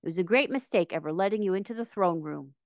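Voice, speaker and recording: A woman's voice: fairly low pitch, animated, fast, no room sound, studio quality. A woman reading aloud from a storybook, voicing a timid little old man posing as a wizard, meek and trembling.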